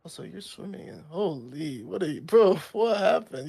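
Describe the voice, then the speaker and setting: A man's voice: sits high, animated, moderate pace, creaky, few pauses, a little mellow, breathy edge, no room sound. A young man streaming a game, chatting casually with a friend, joking and laughing often. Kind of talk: casual gaming chat.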